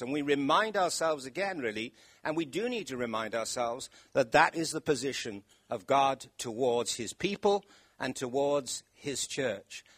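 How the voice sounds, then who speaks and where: A man's voice: mid-range voice, husky, no room sound. Male preacher in church, emphatic, quizzes the congregation, dry mic. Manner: emphatic, rising to loud stresses; asks the congregation questions. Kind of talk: sermon.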